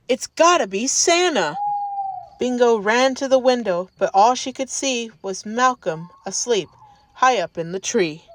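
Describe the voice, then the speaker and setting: A woman reads a rhyming storybook aloud in a gentle, sing-song way. Her voice sits a little high and she takes her time over every line. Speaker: storybook reader in character persona.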